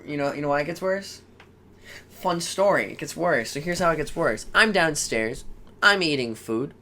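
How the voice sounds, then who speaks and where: Young male co-host, casual storyteller, animated, faint noise floor. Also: on the high side, moderate pace. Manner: animated, swearing, acts out quoted voices. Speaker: podcast co-host.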